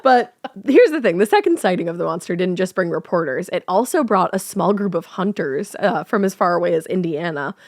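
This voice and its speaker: Gravelly woman telling a podcast story. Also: on the low side, lively intonation, brisk, no echo, studio quality. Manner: laughing, reading quotes, riffing. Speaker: podcast co-host telling a true-crime style story. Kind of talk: casual storytelling chat.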